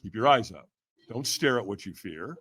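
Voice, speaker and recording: A fairly low-pitched male voice, a bit bright with a breathy edge, delivers an animated story at a moderate pace. The podcast guest impersonates the people he quotes, laughs often, and sprinkles in "man" and "right?" constantly.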